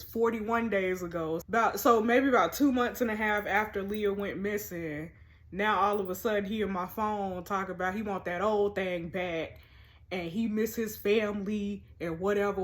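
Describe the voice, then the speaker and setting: A woman playing a story game, reading the messages aloud in a casual, sassy voice and tossing in her own asides. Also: medium pitch. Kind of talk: casual in-character game commentary.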